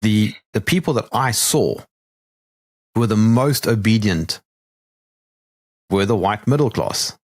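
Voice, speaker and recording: Lively South African-born podcast host. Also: male voice, lowish voice, no echo, studio quality. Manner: animated, quick to laugh. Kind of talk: casual interview chat.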